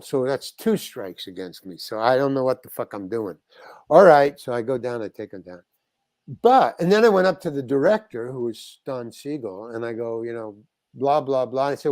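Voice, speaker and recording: An older man tells an anecdote as an interview guest, with a voice of middle pitch for a man. He restarts his sentences often and acts out the lines of the people in his story. The sound is dry and close, with no room in it. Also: expressive, moderate pace, a little mellow, dry recording. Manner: storytelling with restarts, acting out quoted exchanges. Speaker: guest actor.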